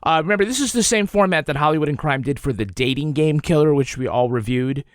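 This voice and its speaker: Opinionated male podcast critic, very lively. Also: a little high, quick pace, no echo, studio quality. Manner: opinionated, hedging with "you know". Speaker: podcast co-host. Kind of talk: casual review chat.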